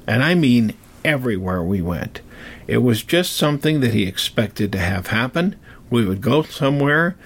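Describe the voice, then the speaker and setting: A middle-aged man telling a story casually, with a gravelly voice and chatty, digressive asides. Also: medium pitch.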